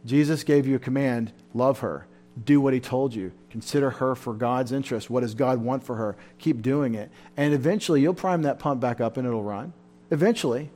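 A man preaching a sermon at a Bible study, fervent and emotional, his voice rising loud and then dropping back. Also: mid-range voice, moderate pace. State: tired. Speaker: pastor.

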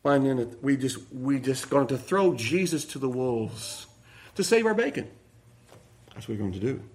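A man preaching a sermon as pastor, animated and acting out the quotations he reads. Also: medium pitch, moderate pace. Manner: animated, acts out quotations with sudden swings in voice.

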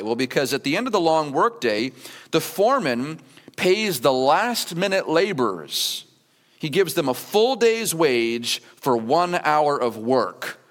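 Animated preaching man in a reverberant church. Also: on the high side. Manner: animated preaching, acting out the workers' voices. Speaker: pastor. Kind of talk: sermon. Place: church sanctuary.

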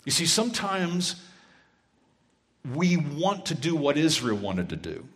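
A pastor telling a personal story in a sermon, acting out the dialogue in earnest. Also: male voice, on the high side, sing-song, unhurried, fairly bright tone, in a large hall.

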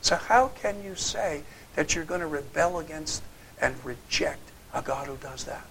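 A male pastor preaching a sermon, pressing his hearers with sharp rhetorical questions and shifting between loud challenge and quiet, low asides. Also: lively intonation, unhurried, creaky, slight background noise.

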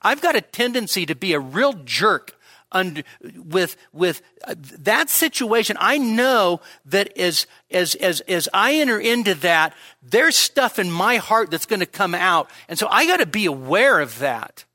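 A male pastor delivers a sermon with a bright, forceful tone set a bit high for a man. He is frank and self-mocking and drops joking asides. The sound is close and dry, with no room echo. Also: very animated, measured pace. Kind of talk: expository sermon. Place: church service.

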